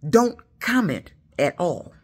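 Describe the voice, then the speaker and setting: A woman's voice: on the low side, sing-song, slow pace, slightly rough. A woman from Detroit with a Southern-tinged accent, ranting indignantly at commenters from the couch in her apartment, stammering and repeating herself. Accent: Detroit with a Southern lilt. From Detroit, USA. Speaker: YouTuber. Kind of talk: angry rant at commenters.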